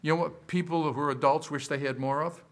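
A pastor preaching a sermon to his congregation, quoting scripture in a lively voice and putting questions to the room. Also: a little high, fast talker. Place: church service.

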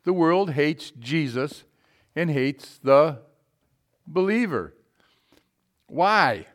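A man preaching a sermon, with emphatic calls that swing to quiet, low asides. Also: animated, drawn-out words.

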